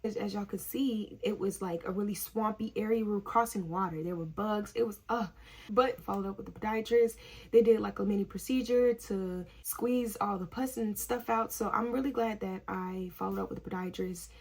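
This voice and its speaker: A woman's voice: medium pitch, steady tone, moderate pace, a little mellow, slightly rough. A young woman, a nursing student, telling a story in casual vlog chat, chatty and laughing often.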